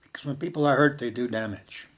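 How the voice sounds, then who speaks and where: An older man from Canada telling a personal story in a slow, reflective way, dropping to a hush for quoted words. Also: mid-range voice.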